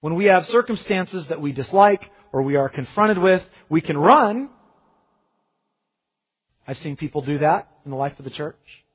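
Brief: male pastor, emphatic sermon delivery, slightly high, husky voice, long hall reverb, muffled audio. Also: expressive, moderate pace. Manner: emphatic preaching with dramatic scripture reading.

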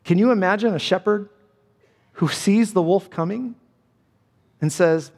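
Earnest preaching pastor, high-ish voice. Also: male voice, animated, normal speed, long pauses, darkish tone, in a large hall. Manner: earnest, emphatic preaching with repeated phrases. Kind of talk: sermon.

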